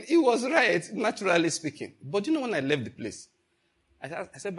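The preacher, an older man, speaks fast in a high-leaning voice with a breathy edge. He tells an animated story during the sermon and calls out questions to the congregation.

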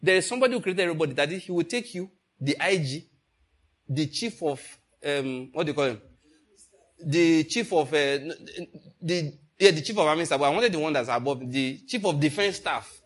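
This older man speaks a little fast and sits on the higher side of the male range. Preaching in a lively storytelling style, he keeps calling out questions to his congregation.

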